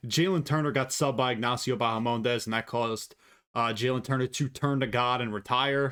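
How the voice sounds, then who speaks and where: A man's voice: medium pitch, a bit bright. A man hosting a casual sports commentary video, blunt and opinionated, swearing freely. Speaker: host.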